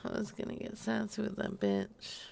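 A woman's voice: medium pitch, level tone, moderate pace, creaky, a little mellow, slight background noise. A woman hosting a podcast, making crude, sassy prank phone calls and laughing often. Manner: sassy, brash, laughs a lot. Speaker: prank-calling podcast host.

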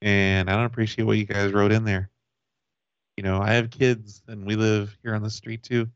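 Man, deadpan prank caller, halting with fillers, lowish voice, dull dry recording. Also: clear, resonant tone, no echo. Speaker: prank-calling co-host. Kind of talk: prank call and casual chat.

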